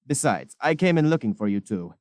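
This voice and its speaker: A man voicing a dry, wry royal advisor who speaks calmly in a fan audio drama. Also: mid-range voice, brisk, no echo, natural voice. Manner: calm, dry.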